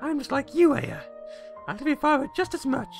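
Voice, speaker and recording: A man voicing an anxious, earnest young girl with a high, girlish voice. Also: animated, fairly quick, creaky, soft background music, heavily acted.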